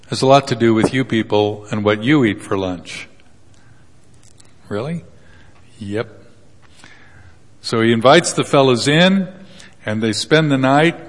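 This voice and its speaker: A man preaching a sermon, loose and joking as he walks through a Bible passage and slips into quick character voices. His voice sits at an ordinary middle pitch. It rings out with a long reverb, as in a big hall. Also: fairly bright tone. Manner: joking, conversational Bible teaching with acted quotes.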